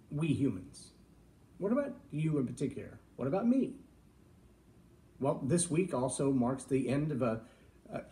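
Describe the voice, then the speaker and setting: A middle-aged man from Texas hosts a casual live-stream vlog, talking in a folksy, reflective way with jokey asides. His voice sits at a medium pitch and has a mellow, warm tone. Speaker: vlog host.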